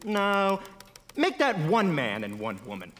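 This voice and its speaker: A man's voice: high-pitched, wildly swooping pitch, measured pace, fairly bright tone, long reverb tail, slight background noise. A man narrating a comedy sketch on stage in a mock-dramatic tone, correcting himself as he goes. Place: theater stage.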